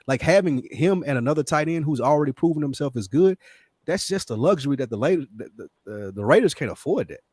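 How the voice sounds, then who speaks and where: A man's voice: fairly high pitch, animated, brisk, a little mellow, breathy edge, dry recording, studio quality. A man co-hosting a casual sports talk show, giving blunt opinions on teams and players. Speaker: sports podcast co-host.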